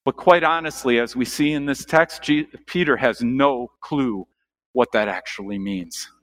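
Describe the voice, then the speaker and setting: A male pastor preaching a sermon, asking the congregation questions, animated, with sharp rises and drops in his voice. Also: medium pitch, unhurried.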